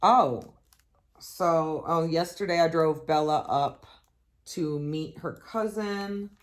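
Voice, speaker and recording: A middle-aged woman with a low, deep-set voice talks casually to her viewers. She rambles through her story in a chatty way and throws in a curse when she is exasperated. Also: takes it slowly. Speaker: vlogger. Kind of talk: casual chat.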